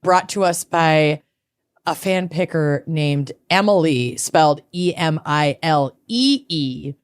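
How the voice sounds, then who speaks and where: Low-voiced upbeat woman podcast co-host. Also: takes it slowly, clear, resonant tone, no echo, studio quality. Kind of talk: casual chat.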